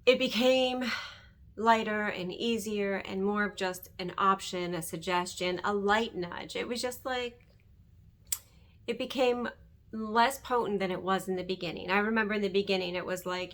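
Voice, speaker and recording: A woman's voice: medium pitch, moderate pace, a bit bright. A middle-aged woman earnestly talking about her faith and fear, often checking in with "right?". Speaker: host. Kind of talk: faith-centered personal testimony.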